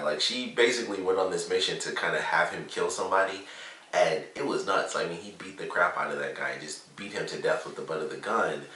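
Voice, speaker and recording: A man's voice: deep voice, bright, forceful tone, recorded from a distance, a little hiss or hum. A man giving a casual, rambling spoken review of a TV episode, full of "like" and "you know" fillers. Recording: echoey room, mic set back.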